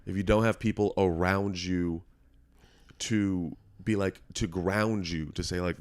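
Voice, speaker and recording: A man talking as a podcast guest in a reflective, halting way that often restarts his sentences. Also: sits low, fairly even intonation. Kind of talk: casual conversation.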